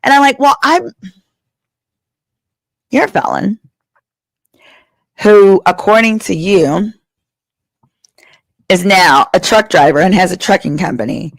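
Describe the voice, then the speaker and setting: A woman's voice: mid-range voice, lively intonation, slow, creaky, long pauses, dry recording, studio quality. A woman in her thirties, an attorney hosting her show, telling a funny personal story at home and acting out the other people's lines. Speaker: attorney and host. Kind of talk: casual comedic storytelling. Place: at home, her father's house.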